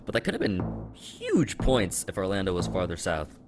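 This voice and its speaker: A man's voice: low voice, huge pitch swings, moderate pace, music in the background. A man doing upbeat play-by-play for a competitive geography game. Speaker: esports caster. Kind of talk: play-by-play commentary.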